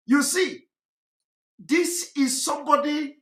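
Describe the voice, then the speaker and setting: A man delivering an impassioned, mocking monologue, often shouting and repeating himself. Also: very high voice, expressive, measured pace, echoey room, a faint crowd. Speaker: commentator.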